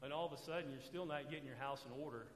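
A man's voice: medium pitch, racing, a little hiss or hum. A man preaching a sermon in a church, drawing call-and-response answers from the congregation by having them finish his sentences. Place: church sanctuary. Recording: echoey hall with long reverb.

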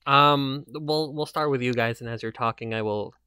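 A podcast host and author chats casually, chatty and self-deprecating with many fillers. His mid-range voice is bright, forceful, clear and resonant at normal speed. The recording is studio quality with no room sound.

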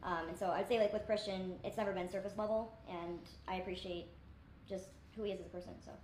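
A woman's voice: fairly low pitch, fairly even intonation, quick pace, darkish tone, slight background noise. A woman YouTuber chatting casually on her vlog, rambling and self-deprecating, full of fillers. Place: indoors in a rented place with friends. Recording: echoey room.

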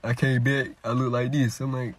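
A man's voice: mid-range voice, little pitch movement, normal speed, crowd noise. A young man who tells rambling comic stories in slang, laughs at his own jokes, and talks into a webcam during a video chat. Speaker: comedy streamer. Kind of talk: loud rambling comic storytelling.

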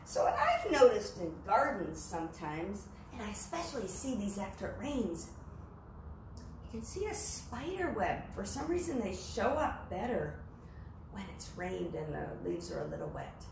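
Woman, Southern US accent, children's sing-along, playful and gentle, roomy echo. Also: medium pitch, huge pitch swings, moderate pace, background noise. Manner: gentle, playful, sings then chats. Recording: roomy sound with faint ukulele.

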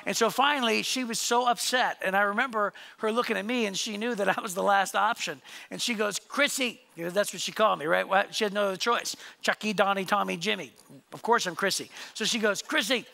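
A man's voice: sits high, fast, gravelly, bright, forceful tone. A male pastor preaching a conversational sermon in a church, joking and asking the congregation questions. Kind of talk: sermon with storytelling. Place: church sanctuary.

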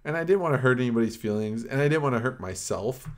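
A man's voice: mid-range voice, lively intonation, quick pace. A man co-hosting a casual podcast, rambling with lots of filler words and retelling stories. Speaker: podcast co-host. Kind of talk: casual chat.

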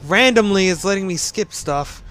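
A man's voice: high voice, animated, normal speed, fairly bright tone, a little hiss or hum. A man giving casual game commentary, sarcastically ranting at a glitchy game. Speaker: gaming commentator.

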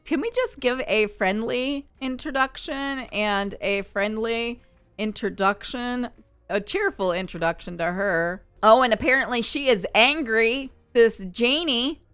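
A woman giving casual commentary on her life-simulation game, chatty and quick to voice her characters' thoughts. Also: a little high, a bit bright, clean tone, no echo. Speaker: gaming YouTuber.

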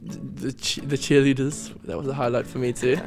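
A man's voice: medium pitch, flat delivery, moderate pace, vocal fry, over music. A young man chatting casually in an interview, easygoing and rambling. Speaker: YouTuber guest. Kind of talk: casual chat.

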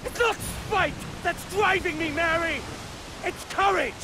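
Hotheaded pirate captain, highish voice, slow and stubborn, game cutscene. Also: male voice, noisy background. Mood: defiant. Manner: defiant, shouting in anger. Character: brash young male pirate captain.

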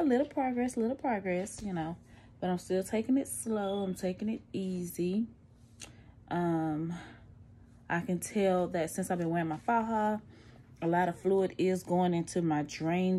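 A middle-aged woman talks into her phone at home, her voice sitting a little low. She sounds out of breath and tired, chatting candidly in a casual vlog. Faint room noise stays in the background. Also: warm tone. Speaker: vlogger. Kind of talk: casual post-surgery recovery vlog.

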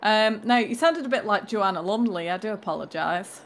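A woman's voice: medium pitch, animated, moderate pace, slight background noise. A woman co-hosting a farming game video, teasing her partner and laughing at herself in casual chat. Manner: self-deprecating, teasing, giggly. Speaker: co-host.

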